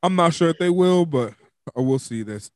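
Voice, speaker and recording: A man's voice: expressive, moderate pace, no room sound, studio quality. A man hosting a casual sports podcast, chatty and loose, laughing and filling with "um" and "like". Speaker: podcast host. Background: dog squeaking a toy.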